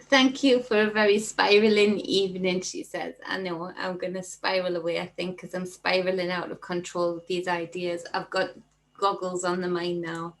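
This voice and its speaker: A woman hosting a casual livestream, chatting warmly and reading viewer comments aloud. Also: on the low side, flat delivery, moderate pace, low-quality recording. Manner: chatty, reads viewer comments aloud and thanks them by name. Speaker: livestream host.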